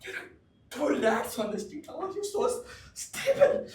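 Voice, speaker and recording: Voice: high-pitched, wildly swooping pitch, normal speed, a little mellow. A performer playing a jittery person terrified of rats in a live improv comedy scene, repeating words nervously. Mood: panicky. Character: panicky person scared of rats. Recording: echoey room from far off.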